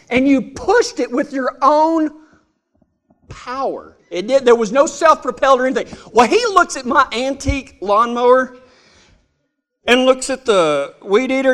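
A man with a high-pitched voice tells a humorous personal story. His delivery is folksy and drawling, and he sounds amused at his own jokes. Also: a bit bright.

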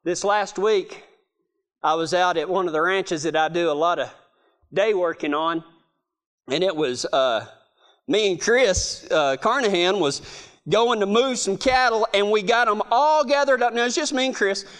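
A man's voice: high voice, unhurried. A middle-aged man giving a humorous storytelling talk, laughing often as he goes. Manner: laughing, animated storyteller with restarts. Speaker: speaker.

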